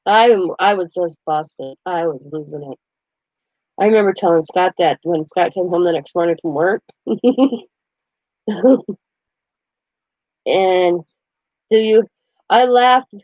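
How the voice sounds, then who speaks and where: A woman's voice: on the low side, slow pace, pauses often, a little mellow, no echo, highs cut off. A middle-aged woman hosting a crafting channel, chatting casually and animatedly as she tells a story, laughing as she goes.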